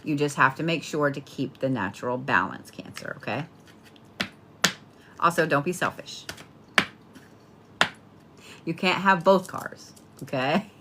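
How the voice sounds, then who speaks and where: A woman chats her way through a horoscope reading, blunt, playful and quick to swear. Her voice is bright and forceful, sitting a little low for a woman. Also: animated, a little hiss or hum. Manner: blunt, profane, chatty, playful. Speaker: tarot and astrology reader. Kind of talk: casual spoken horoscope reading.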